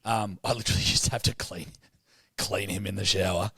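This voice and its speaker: A man's voice: deep voice, fairly quick, vocal fry, slightly rough, no room sound, studio quality. A man co-hosting a casual podcast, telling a story full of swearing and acting out the people in it. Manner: sweary, animated storyteller who acts out the people in his tales. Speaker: podcast co-host.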